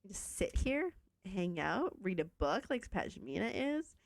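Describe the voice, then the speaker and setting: Here a young streamer from Canada talks casually to her audience while playing a video game, cheerful and quick to tease herself. Her medium-pitched voice is gravelly and very animated, her pace measured, and there's a slight hiss or hum.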